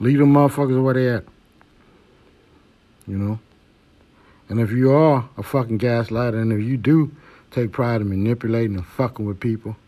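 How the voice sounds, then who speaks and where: A man's voice: medium pitch, warm tone. A man hosting a podcast, giving blunt, preachy advice with heavy cursing. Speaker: podcast host. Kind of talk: profane monologue.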